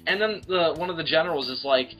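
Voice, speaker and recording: A man's voice: on the high side, fast, sharp tone, soft background music. A man co-hosting a casual film discussion, emphatic and opinionated, and he swears freely. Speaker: podcast co-host.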